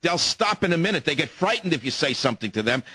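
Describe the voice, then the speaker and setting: A man's voice: a little high, big pitch swings, fast, bright, forceful tone, husky. A man hosting a talk radio show, ranting in a combative way. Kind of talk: angry talk radio monologue.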